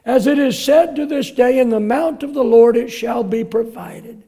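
A man preaching a sermon, reading scripture with emphasis, shouting some quotes and dropping to quiet asides for the congregation. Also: very high-pitched, moderate pace, few pauses.

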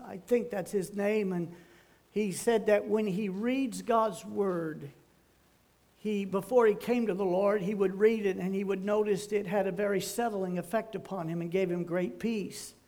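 A man's voice: sits high, darkish tone. An older man, a pastor, giving a folksy sermon full of homespun, rambling anecdotes.

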